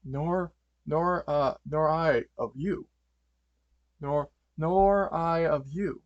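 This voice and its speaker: A man's voice: fairly high pitch, very slow, no echo, dull audio. Underdog, a heroic dog, voiced by a man. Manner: earnest, rhyming hero lines, stammering. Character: heroic male superhero dog.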